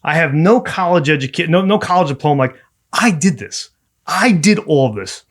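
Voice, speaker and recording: Animated man telling a story. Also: fairly high pitch, normal speed. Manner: animated, acts out the people in his story. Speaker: podcast guest. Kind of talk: storytelling in a casual interview.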